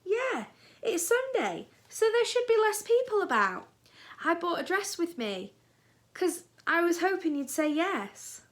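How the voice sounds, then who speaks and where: Brief: bold, encouraging girl friend read by a woman, high voice, unhurried. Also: very animated, full character voice. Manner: eager, coaxing.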